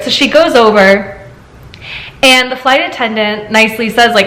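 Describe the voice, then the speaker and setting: A woman hosting a casual chat show, reading stories aloud and telling her own story in an animated way. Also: a little high, brisk. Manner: animated storyteller, laughs often. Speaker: host. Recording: echoey room.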